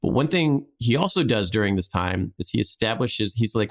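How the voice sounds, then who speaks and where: A man's voice: lowish voice, expressive, moderate pace. A man hosting a podcast, telling a history story in a rambling, casual way with frequent restarts and laughs.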